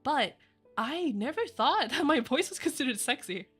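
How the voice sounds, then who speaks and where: A young woman streams and chats casually, rambling with lots of fillers and giggling often. Her voice sits a little high for a woman, and soft music plays faintly behind her. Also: sing-song, moderate pace. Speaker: virtual streamer. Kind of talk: casual livestream chat.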